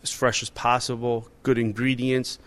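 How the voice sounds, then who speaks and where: A man's voice: medium pitch, level tone, moderate pace. A man in his forties, a restaurant owner and chef, talking casually and animatedly in an interview, with many fillers and restarts.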